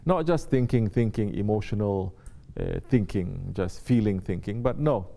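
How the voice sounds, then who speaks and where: Man, Sufi teacher, spiritual talk, keeps asking rhetorical questions, mellow dark tone. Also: on the low side, animated, normal speed, creaky. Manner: repetitive, checks in with rhetorical questions.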